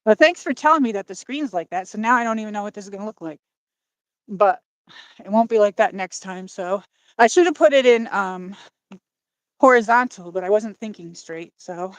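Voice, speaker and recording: A woman's voice: mid-range voice, animated, moderate pace, no room sound. Breathless woman chatting on a dusk walk. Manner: rambling, apologetic, talks to chat. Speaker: livestream host. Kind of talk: casual livestream chat while walking. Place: outdoors by a lake at dusk. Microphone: phone on a gimbal.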